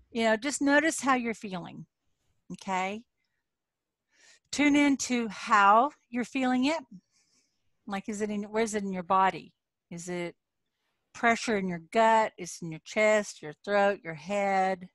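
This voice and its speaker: An older woman coaching a live online audience, telling a story with frequent laughs and then guiding them through soft, slow reflection prompts. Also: medium pitch, no room sound. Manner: slows into soft guided prompts.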